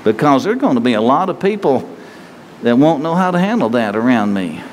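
A pastor preaching a sermon in a conversational way, full of rhetorical questions. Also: male voice, medium pitch, very animated, fairly quick, a little mellow. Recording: long reverb hall, faint noise.

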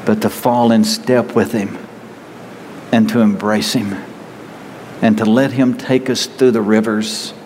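A man's voice: lowish voice, darkish tone, long reverb tail, a little hiss or hum, poor audio. A man preaching a sermon as pastor, earnest and growing emphatic as he reads scripture.

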